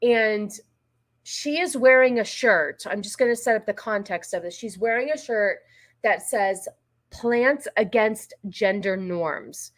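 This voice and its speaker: A woman's voice: medium pitch, measured pace. Blunt, exasperated woman host. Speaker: livestream host. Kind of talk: casual commentary livestream.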